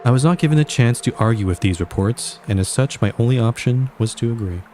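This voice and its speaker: A man voicing a formal, stiff female angel guardian in measured, flat tones, reading game dialogue aloud. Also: medium pitch, a little hiss or hum, natural voice. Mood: formal, detached.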